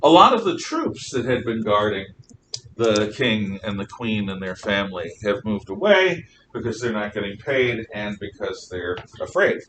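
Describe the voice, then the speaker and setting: A man teaching a history class, telling the story in an animated, storytelling way and often clearing his throat. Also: fairly low pitch, moderate pace. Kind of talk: classroom lecture. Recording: distant mic with faint noise.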